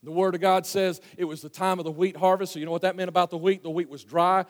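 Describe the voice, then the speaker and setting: High-voiced preacher in a reverberant hall. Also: male voice, steady tone, quick pace. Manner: folksy storytelling, swinging from loud to hushed. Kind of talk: sermon.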